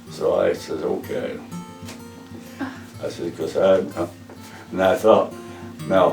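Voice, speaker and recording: Older man, plainspoken storyteller, lower voice, mic at a distance. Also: dark tone, roomy sound. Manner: plainspoken, repeats "he says" while retelling dialogue. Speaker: veteran interviewee. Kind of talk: oral history storytelling.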